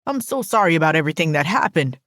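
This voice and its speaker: A narrator plays a worried male neighbor, fretful and apologetic, speaking in a hurried rush. The sound is dry and close. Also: fairly high pitch, sing-song, a bit bright, no echo.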